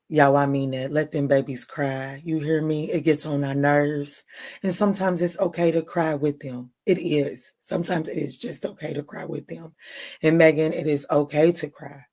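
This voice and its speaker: A woman's voice: sits low, darkish tone. A woman hosting a late-night tarot livestream, chatting casually and bluntly with viewers, greeting them by name and swearing freely.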